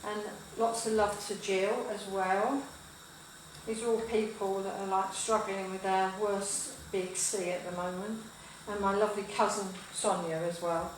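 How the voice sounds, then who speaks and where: A woman's voice: medium pitch, fairly even intonation, a little slow. Rambling woman in an echoey kitchen. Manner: chatty, rambling, lots of fillers and asides. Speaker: cooking show host. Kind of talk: live cooking chat with storytelling. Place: home kitchen. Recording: very echoey kitchen, mic far off, cooking noise. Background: frying and sizzling, stirring.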